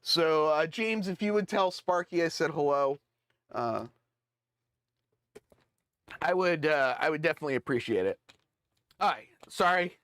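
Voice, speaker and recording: A man's voice: fairly high pitch, a little slow, long pauses, a bit bright, clean tone, no room sound. A man casually chatting on a live stream, reading a letter aloud with lots of fillers and self-deprecating asides. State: voice cracking. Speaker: model railroad streamer.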